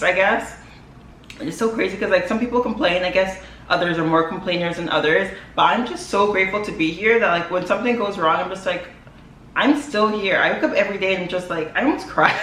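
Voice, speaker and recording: A woman's voice: lowish voice, fairly bright tone. A young woman talking to camera in a casual vlog, chatty and emotional, full of "like" fillers. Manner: chatty and emotional, frequent "like" fillers, laughs often. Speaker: vlogger. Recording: echoey room with faint ambient noise.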